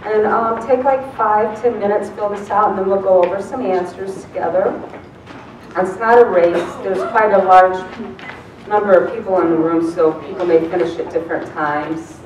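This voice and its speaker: A woman's voice: mid-range voice, normal speed, a little hiss or hum. A woman presenting a proofreading seminar in a large room, casual and chatty with plenty of "um"s. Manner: relaxed, filler-heavy, chatty. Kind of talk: classroom teaching. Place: large room with many people. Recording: distant, echoey room recording.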